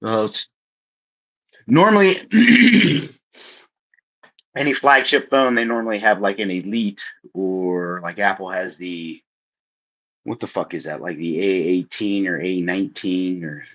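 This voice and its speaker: A man's voice: low voice, slow, long pauses, a bit bright. A young man co-hosting a casual livestream, talking loosely with casual swearing. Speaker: co-host of a livestream. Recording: slightly dull lo-fi sound.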